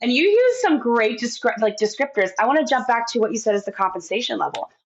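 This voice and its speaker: A woman's voice: a little high, big pitch swings, quick pace. A woman hosting a podcast interview, chatting enthusiastically and eagerly responding to her guest. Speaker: podcast host. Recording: dull lo-fi recording.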